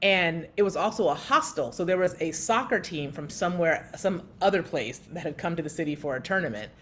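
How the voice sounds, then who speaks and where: A woman in her thirties co-hosting a podcast, telling a story in lively conversation and acting out the voices of people she quotes. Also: brisk, a little hiss or hum. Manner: animated, acts out quotes with big pitch jumps. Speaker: podcast co-host.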